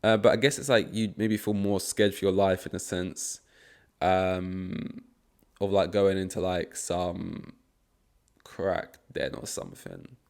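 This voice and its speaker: A man's voice: deep voice, lively intonation, slow, vocal fry. A young man rambling through a casual solo podcast monologue, swearing often, with many fillers and restarts. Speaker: podcast host.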